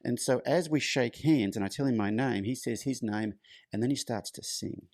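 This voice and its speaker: A middle-aged horse clinician, appearing as a podcast guest, tells a long personal story in a loose, chatty conversational way. His voice is medium-pitched and a little mellow at a normal speed, captured in a dry, studio-quality recording.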